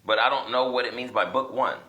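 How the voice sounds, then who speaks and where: Bright-voiced man teaching in an echoey room. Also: medium pitch, brisk. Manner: rambling, thinks aloud, grows animated and emphatic. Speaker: self-styled religious teacher. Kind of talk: casual video teaching while browsing apps. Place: at home.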